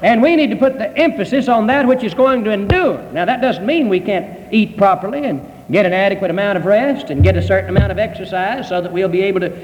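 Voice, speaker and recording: A male preacher giving a sermon, slow and emphatic, with many rhetorical questions. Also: sits high, in a large hall, poor audio.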